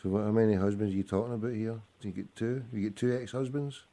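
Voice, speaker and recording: A man's voice: on the low side, quick pace, warm tone. Blunt, sweary man hosting. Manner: swears constantly, teasing and blunt. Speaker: radio show host. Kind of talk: casual chat.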